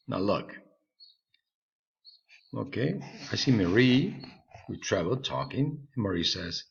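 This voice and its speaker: In a recorded online English lesson, a man whose native language is Spanish guides the learner patiently and keeps checking in with "okay?" His voice sits low with noticeable vocal fry, and the lo-fi audio sounds a bit dull.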